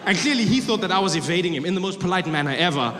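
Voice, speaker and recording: Male stand-up comic from South Africa, thirties, higher-pitched, animated, live in a large reverberant venue with crowd noise. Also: very fast. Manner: animated storytelling, acting out voices and siren noises. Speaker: stand-up comedian. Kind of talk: stand-up routine.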